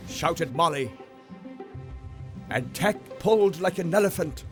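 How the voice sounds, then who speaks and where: A man gently narrating a children's storybook in an expressive, unhurried way. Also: on the high side. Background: music.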